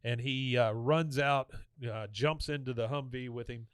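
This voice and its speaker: A man's voice: medium pitch, fairly even intonation, moderate pace, smooth, no echo, studio quality. A man hosting a podcast, chattily retelling a cartoon episode scene by scene with fillers. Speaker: podcast host. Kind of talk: casual episode recap.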